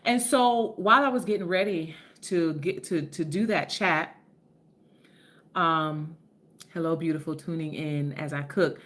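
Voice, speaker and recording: A woman's voice: sits low, measured pace, a bit bright. A woman from Philadelphia hosting a casual live stream. She talks in a chatty, effusive way, greets her viewers by name and swears freely. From Philadelphia, USA. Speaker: livestream host.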